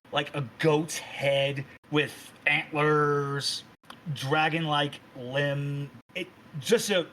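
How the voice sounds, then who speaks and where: A man's voice: fairly high pitch, a little hiss or hum, low-quality recording. A man narrating a tabletop role-playing game as game master, casual and profane. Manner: casual, profane, lively describing.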